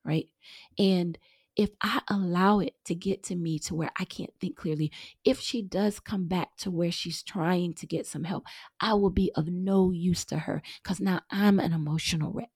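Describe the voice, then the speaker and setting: A middle-aged woman hosting her own show, talking earnestly and warmly to listeners she calls y'all, sometimes dropping to a breathy near-whisper. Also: on the low side, fairly even intonation, normal speed, no echo, studio quality. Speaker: podcast host. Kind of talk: heartfelt casual monologue.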